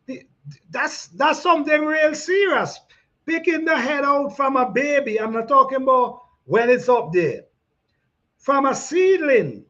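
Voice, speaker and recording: A man hosting a gardening chat, reading out comments in a relaxed way, repeating himself and laughing often. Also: very high voice. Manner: laid-back, repeats phrases, laughs often. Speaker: gardening channel host. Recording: dull lo-fi sound.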